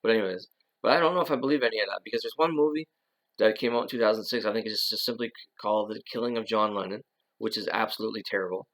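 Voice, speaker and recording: A man with a low, gravelly voice talks on his own in a casual monologue. He rambles, often circling back and restarting his sentences. His talk is loaded with fillers like "uh" and "you know.". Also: rapid-fire, a bit bright, low-quality recording. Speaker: channel host.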